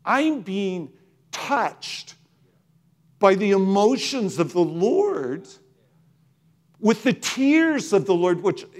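A man recounting a personal testimony in a high, lively voice that swoops up and down. He talks slowly and haltingly, restarting his sentences as the emotion catches him. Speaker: speaker sharing a testimony.

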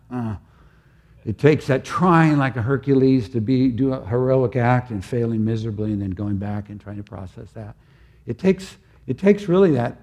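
An older man preaching a sermon in an earnest, halting way, often restarting his phrases. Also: mid-range voice, warm tone.

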